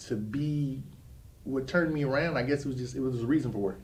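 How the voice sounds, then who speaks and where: A man from Cleveland speaks earnestly about his past, pausing and restarting as he searches for words. His voice sits in a middle register. The mic is set back, so he sounds a little distant. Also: medium pitch. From Cleveland, Ohio. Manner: earnest, reflective, with hesitations. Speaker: co-host. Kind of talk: personal life story in conversation.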